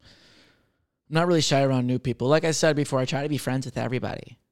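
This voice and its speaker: A man in his thirties, a server who runs a solo podcast, talks fast in a mid-range voice. He answers question cards in a casual chat, sarcastic and crude, and mocks himself as he tells his stories.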